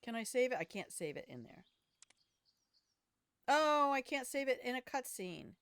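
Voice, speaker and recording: A woman's voice: fairly high pitch, sing-song, normal speed, pauses often, clean tone, no room sound, studio quality. An older woman streaming a video game, chatting casually, thinking aloud and swearing freely. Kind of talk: casual gaming commentary.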